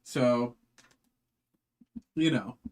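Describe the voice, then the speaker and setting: A man's voice: medium pitch, extremely slow, a little mellow. A man hosting a live card-opening stream, chatting in a rambling, casual way with lots of fillers. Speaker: card break host.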